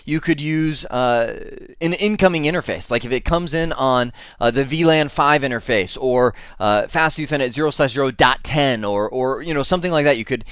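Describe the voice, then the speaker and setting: A man's voice: medium pitch, a bit bright, clear, resonant tone, no echo. A man teaching a networking course in a conversational way, full of fillers and restarts. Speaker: networking instructor. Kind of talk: technical lecture.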